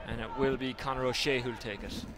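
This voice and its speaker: A man's voice: medium pitch, steady tone, crowd noise. An Irish man, slightly out of breath, calling live hurling play-by-play from a commentary position at an outdoor ground. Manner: brisk play-calling, self-deprecating asides. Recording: noisy outdoor stadium feed.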